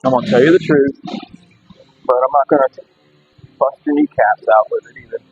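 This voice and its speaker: A man giving a blunt, animated Bible talk between lifting sets in a gym, reading scripture aloud. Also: medium pitch, moderate pace, vocal fry. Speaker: strongman Bible teacher. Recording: tinny lo-fi phone-like audio with faint music.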